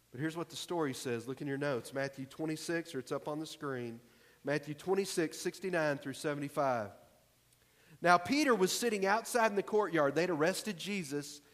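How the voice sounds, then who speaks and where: A man's voice: on the high side, a little fast. A male pastor preaching a sermon in a church hall, in a conversational, emphatic way. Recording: long hall reverb.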